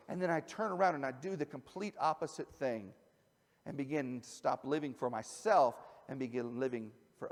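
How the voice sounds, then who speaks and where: A man, a pastor, preaching a conversational sermon that moves from quiet asides to loud emphasis. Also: fairly high pitch, fairly quick. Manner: conversational, swings from soft asides to shouted emphasis. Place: church sanctuary. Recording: church hall with long reverb.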